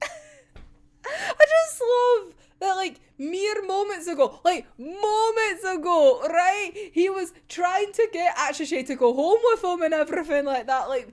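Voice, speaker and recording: High, excitable woman. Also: measured pace. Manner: animated, swearing, laughing often, breaking into squeals. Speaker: manga reaction host. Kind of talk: excited casual reaction chat.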